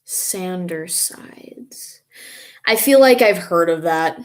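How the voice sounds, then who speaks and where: A woman's voice: fairly low pitch, animated, takes it slowly. A young woman vlogging in a casual, rambling way, stopping now and then to recall names. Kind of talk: casual chat reading and answering comments.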